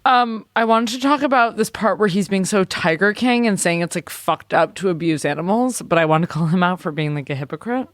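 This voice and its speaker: A woman co-hosting a podcast in fast, giggly chat, full of fillers. The voice is recorded dry and close, with no room sound around it. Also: mid-range voice, no room sound. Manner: quick, laughing, full of "like". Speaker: podcast co-host. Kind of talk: casual chat.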